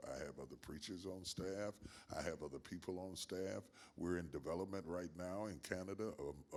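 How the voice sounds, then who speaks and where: An older man with a grandfather's years, a pastor answering interview questions in a measured, emphatic preaching cadence with repeated phrases. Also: low-pitched. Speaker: guest pastor.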